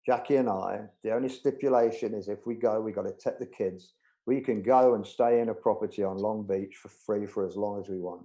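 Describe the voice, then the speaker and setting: A man's voice: lowish voice, steady tone, brisk, warm tone. A man, a bird-show judge, answering live interview questions with enthusiasm, often repeating his words. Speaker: budgerigar exhibitor and judge.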